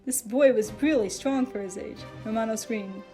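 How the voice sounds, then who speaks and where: A woman's voice: fairly high pitch, moderate pace, mellow, faint music behind. Woman reading a story aloud. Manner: reacts aloud with asides and exclamations. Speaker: reader of fan fiction. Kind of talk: dramatic reading with character voices.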